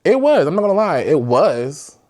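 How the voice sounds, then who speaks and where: A man's voice: on the high side, big pitch swings, normal speed, a little mellow. Young man telling a candid storytime. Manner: candid, rambling, swears freely. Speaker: podcast host. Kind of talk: casual storytime.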